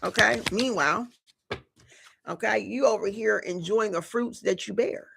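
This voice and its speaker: A woman tarot reader doing a live reading, unhurried and drawn out, with a gravelly edge to her voice. She talks to her viewers in a loose, slangy way and keeps dropping in little conversational check-ins. There is a faint hiss in the background. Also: mid-range voice, fairly bright tone. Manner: casual, slangy, addresses viewers directly; chatty with frequent filler asides.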